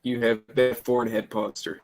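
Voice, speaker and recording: A man calling into a live stream who needles the host in a flat, deadpan monotone. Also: medium pitch, normal speed, dry recording, faint music behind. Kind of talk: heated live-stream argument.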